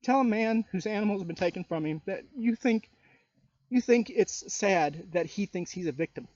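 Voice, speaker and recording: A man's voice: sits high, animated, normal speed, a little mellow, dry recording, muffled recording. A man ranting on his vlog, indignant, calling people out by name and firing rhetorical questions at them. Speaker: YouTuber. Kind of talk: political rant vlog.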